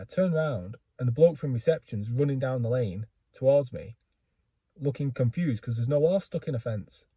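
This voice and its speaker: A man's voice: medium pitch, animated, moderate pace, warm tone, husky, no echo. A man telling a rambling, self-deprecating story in a casual vlog, full of fillers and restarts. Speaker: book vlogger.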